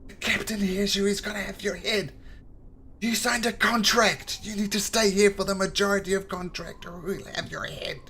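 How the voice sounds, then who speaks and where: A man doing a nervous, hushed bugbear. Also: high voice, steady tone, moderate pace, slight background noise, voice pushed up. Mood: urgent. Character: nervous male bugbear soldier.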